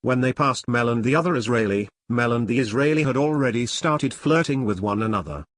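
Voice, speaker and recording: A man narrating a story in a plain, even storytelling read. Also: medium pitch, fairly quick. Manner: plain storytelling read, few voice changes for characters. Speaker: audiobook narrator. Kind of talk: scripted narration.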